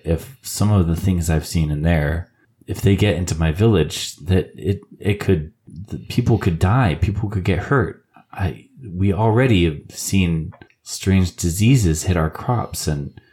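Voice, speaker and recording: Man doing a young villager, worried, earnest, stumbling, deep voice. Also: a little slow, few pauses, mellow.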